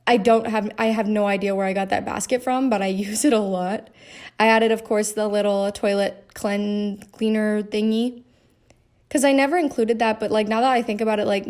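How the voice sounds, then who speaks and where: A young woman game streamer with a medium-pitched, slightly mellow voice gives casual voice-over commentary on her game build, chatty and rambling with lots of fillers.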